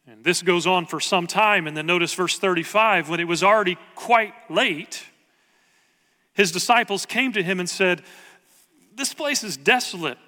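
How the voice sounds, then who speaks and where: A man's voice: high-pitched, normal speed, sharp tone, long reverb tail. A man preaching a sermon as pastor, earnest and conversational, asking the congregation rhetorical questions.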